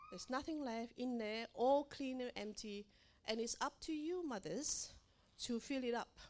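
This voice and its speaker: Middle-aged woman from Asia, parenting speaker, animated, slips into voices for anecdotes. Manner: animated, acts out quoted dialogue in a higher voice. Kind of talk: motivational talk to mothers.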